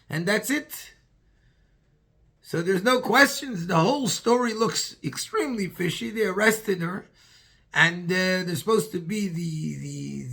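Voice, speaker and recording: A rabbi telling a story in a sermon, acting out the dialogue with a husky voice and dropping in Yiddish and Hebrew terms. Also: male voice, high-pitched, a bit bright.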